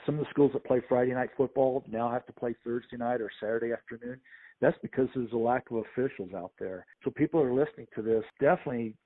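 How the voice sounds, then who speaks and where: A man, a sports official and podcast guest, telling lively anecdotes and acting out the people in them. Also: medium pitch, fast. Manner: animated anecdotes with quoted voices. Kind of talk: storytelling interview. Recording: phone-like narrow audio.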